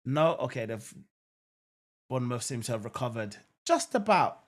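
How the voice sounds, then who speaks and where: A young man hosting a live football watchalong, commentating on play and chatting casually with viewers, with lots of fillers and sudden excited outbursts. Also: medium pitch, normal speed. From England. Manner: casual, repeats phrases, lots of "um" and "I'm not gonna lie"; jumps to excited exclamations at near-misses. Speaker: live match watchalong host.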